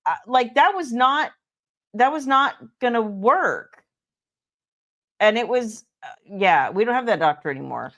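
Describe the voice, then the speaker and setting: A woman's voice: fairly high pitch, expressive, unhurried, long pauses, fairly bright tone, highs cut off. A middle-aged woman from California hosting a casual livestream, chatty, telling stories with lots of fillers. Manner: chatty storyteller with many fillers and restarts.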